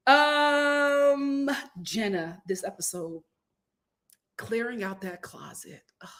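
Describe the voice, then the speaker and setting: A woman giving casual, sassy commentary on reality TV, talking in a colloquial, animated way. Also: medium pitch. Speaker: reality TV reviewer.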